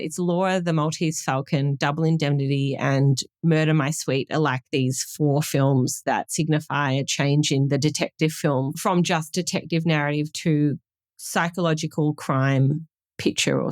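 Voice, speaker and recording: Woman in her 30s, podcast guest, low voice, dry close sound, reflective and chatty. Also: darkish tone, dry recording. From Australia. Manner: thoughtful, laughs often, trails off mid-thought. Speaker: guest film historian. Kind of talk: casual podcast discussion.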